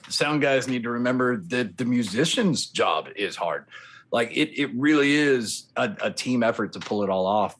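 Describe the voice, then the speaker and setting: A man's voice: medium pitch, lively intonation, moderate pace, a bit bright. A man who works as a tour manager and sound engineer, chatting casually on a podcast in an easygoing, rambling way.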